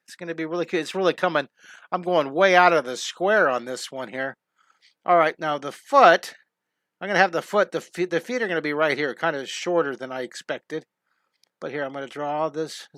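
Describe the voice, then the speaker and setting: A middle-aged drawing instructor with a fairly high, fairly bright voice teaches a live lesson on a dry recording. He's enthusiastic and rambling, talking through each step, chatting with viewers and reading their comments aloud.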